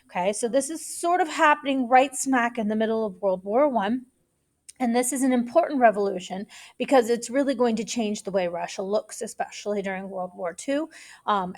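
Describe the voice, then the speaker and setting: A woman's voice: a little high, darkish tone. A middle-aged woman teacher giving a casual recorded history lecture to students, chatty and loose, with many fillers and asides.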